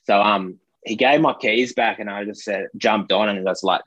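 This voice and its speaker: A man's voice: fairly low pitch, fairly even intonation, moderate pace, fairly bright tone, husky, no echo, lo-fi sound. A young Australian man telling a rambling anecdote in casual chat, full of fillers. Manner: rambling, filler-heavy, laughs between lines. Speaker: storyteller.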